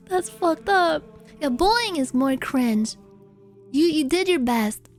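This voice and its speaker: A streamer casually chatting and reading viewer confessions. She is animated, breaks into squeaky outbursts and swears freely.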